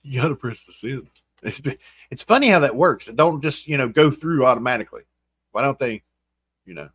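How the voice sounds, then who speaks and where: Folksy West Virginian man, lively pitch. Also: a little fast, slightly rough, no echo. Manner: folksy, reads out and greets chat names. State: groggy morning voice. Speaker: livestream host. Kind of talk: casual livestream chat, greeting viewers. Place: home room.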